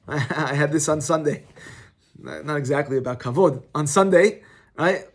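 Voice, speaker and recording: A man's voice: fairly high pitch, unhurried. A middle-aged man, a rabbi, giving an informal Torah class, teaching through conversational personal stories. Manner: conversational, storytelling, animated.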